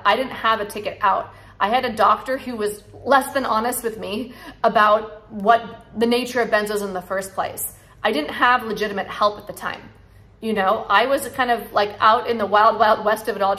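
A sobriety coach in her thirties who hosts her own channel speaks directly to camera, earnest and encouraging, repeating affirmations in a heartfelt talk. Her voice is mid-range and a bit bright.

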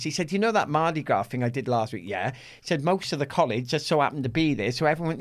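Animated Welsh man telling a story. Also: mid-range voice, quick pace, few pauses. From Wales. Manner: animated storyteller, acts out quoted voices, frequent restarts. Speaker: guest, athlete. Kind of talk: casual interview storytelling.

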